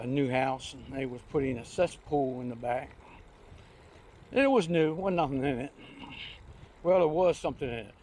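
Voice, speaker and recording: Out on a recumbent trike, an older vlogger rides along telling folksy, rambling anecdotes in homespun language. His voice is mid-range and a little mellow.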